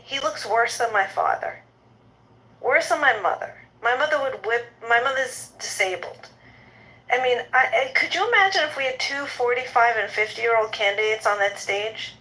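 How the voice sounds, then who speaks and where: A woman in her fifties delivers an impassioned political rant in an audio chat room, agitated and indignant, stumbling and repeating herself as she talks. Her voice sits fairly high and sounds bright and forceful. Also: poor audio. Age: 50s.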